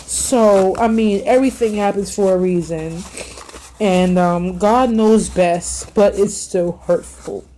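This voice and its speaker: Slow, emotional woman in her thirties. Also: medium pitch, warm tone, a little hiss or hum. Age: 30s. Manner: emotional, halting, frequent sighs and apologies. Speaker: vlogger. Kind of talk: personal storytelling.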